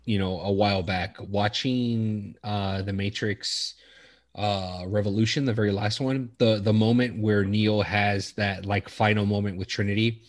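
Male co-host, lowish voice, dry close sound, animated, sweary storyteller. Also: unhurried, no room sound. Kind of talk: casual podcast chat.

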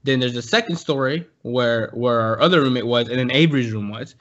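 A young adult man tells a story casually, swearing a lot, laughing, and acting out voices for what people said in an animated way. His mid-range voice moves a little fast, and the audio sounds dull.

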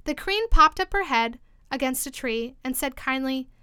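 High bright woman reading a storybook. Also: animated, normal speed, smooth, no room sound, clean studio sound. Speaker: narrator.

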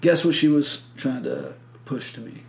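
A man's voice: fairly high pitch, normal speed, gravelly, a little mellow. A man from Michigan hosting a podcast, telling a rambling story full of swearing and acted-out quotes. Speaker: podcast host. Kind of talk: casual chat.

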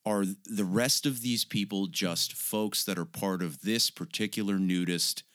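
A man's voice: lowish voice, steady tone, measured pace, fairly bright tone, no room sound, studio quality. A man co-hosting a podcast in casual, profane chat, often slipping into put-on voices for bits. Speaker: podcast co-host.

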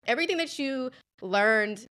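A woman's voice: fairly high pitch, expressive, normal speed, pushed and bright. A young woman hosting a casual interview, asking questions in a relatable, hesitant way with many fillers and restarts. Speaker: podcast host.

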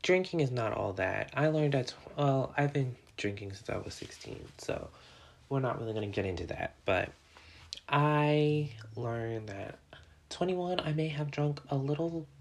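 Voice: mid-range voice, measured pace, gravelly. A person in their twenties hosting a casual solo podcast, rambling and candid, dropping "like" into almost every phrase and joking with the listeners. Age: 20s. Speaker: podcast host.

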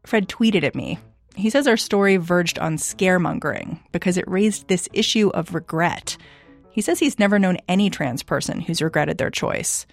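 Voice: mid-range voice, expressive, normal speed, gravelly, soft background music. A podcast host speaking in a plainspoken, reflective, conversational way. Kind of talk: conversational interview.

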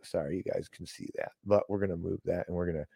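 A man's voice: sits low, fairly even intonation, quick pace, gravelly, mellow, husky, no room sound. A man hosting a podcast, talking in a sarcastic, rambling way. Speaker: podcast host. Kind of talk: casual commentary.

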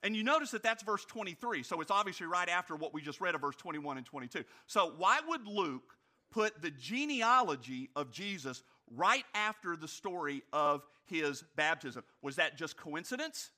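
A male pastor delivering a sermon with a bright, forward tone and a voice pitched a little high for a man. He leans on rhetorical questions, slows right down on key phrases and slips in light humorous asides. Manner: animated, rhetorical questions, emphatic slowed phrases.

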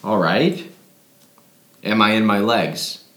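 A man's voice: fairly low pitch, takes it slowly, reverberant. A man playing a drunk friend who keeps asking odd, probing questions about where his self is. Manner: rambling, probing questions, bursts into mock yelling. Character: drunk philosophizing man, Pete, playful and needling. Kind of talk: audio drama acting.

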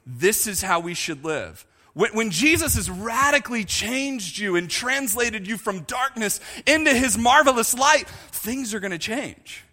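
High, bright-voiced joking male preacher. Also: big-room sound. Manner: jokey, animated, talks to the congregation. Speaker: pastor. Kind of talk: sermon.

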